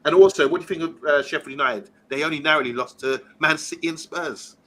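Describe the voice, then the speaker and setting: A man's voice: a little high, fast, sharp tone, low-quality recording. Chatty man reading live chat. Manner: chatty, reads out viewer comments, laughs easily. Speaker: fan channel host reading live chat. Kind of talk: casual live-stream chat.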